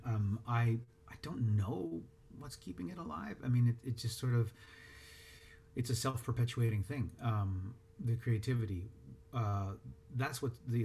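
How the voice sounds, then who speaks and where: Halting, reflective male voice actor. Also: medium pitch, dark tone. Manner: halting, reflective, many restarts. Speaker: voice actor and dialect coach. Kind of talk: interview answers.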